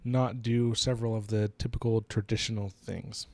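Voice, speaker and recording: A man's voice: lowish voice, fairly even intonation, moderate pace, a little mellow, dry recording. A man co-hosting a book podcast, retelling the plot at length in casual chat. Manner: retells the plot at length, acting out characters' lines.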